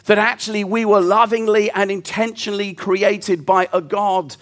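High-voiced man preaching a sermon. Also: fairly even intonation, moderate pace, a bit bright. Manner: storytelling, earnest and reflective.

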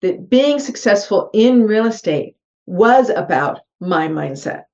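A woman's voice: medium pitch, big pitch swings, slow, darkish tone. A middle-aged woman with a mid-range voice tells her story earnestly as a podcast guest. She talks with animation and acts out her own thoughts in quotes. The audio is a little dull and muffled. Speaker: podcast guest, real estate investor. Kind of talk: personal storytelling in an interview.

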